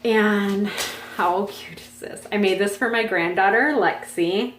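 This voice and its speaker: Woman, 40s, casual rambling vlog host, mid-pitched, roomy echo with faint hiss. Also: measured pace. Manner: chatty and rambling, with frequent fillers. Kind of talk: casual chat. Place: home on a farm.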